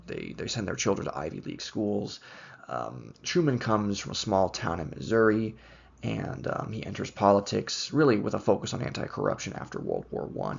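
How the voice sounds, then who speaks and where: Guy lecturing on history, super gravelly and husky, lots of ums, kinda dull lo-fi sound. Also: lowish voice. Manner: unhurried, explanatory, many ums and uhs. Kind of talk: recorded lecture.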